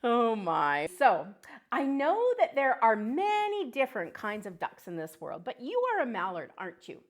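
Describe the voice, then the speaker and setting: A woman's voice: a little high, huge pitch swings, normal speed. A woman teacher hosting a children's educational show, talking cheerfully to young viewers. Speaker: teacher and host.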